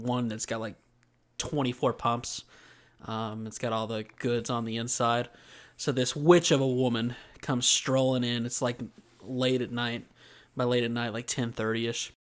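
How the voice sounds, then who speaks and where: A man co-hosting a podcast, chatting casually and telling a story with lively acted-out voices. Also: mid-range voice. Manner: animated storyteller, acts out quoted voices. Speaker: podcast co-host.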